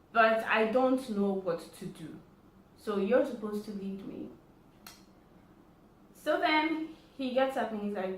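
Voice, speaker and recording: A woman's voice: medium pitch, distant mic. Female vlogger, casual storyteller, acts out dialogue; echoey room with faint noise. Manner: chatty, acts out quoted dialogue. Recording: roomy echo, faint background noise.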